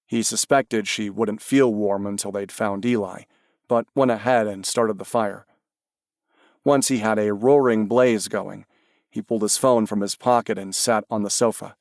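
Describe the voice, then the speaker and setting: A man reading an audiobook in an even, measured manner. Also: lowish voice, dry recording, studio quality. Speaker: audiobook narrator. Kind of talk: scripted audiobook narration.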